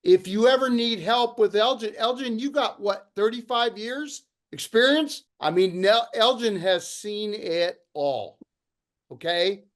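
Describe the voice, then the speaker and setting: A man's voice: high voice, unhurried. A middle-aged man hosting a video-call meeting, speaking in an enthusiastic, motivational way. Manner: enthusiastic, pep-talk delivery. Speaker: meeting host.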